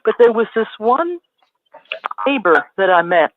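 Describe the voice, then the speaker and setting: Quick-talking caller on a tinny phone line. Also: mid-range voice, big pitch swings, slight background noise. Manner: quick talker, eager to chime in. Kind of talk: casual call-in chat.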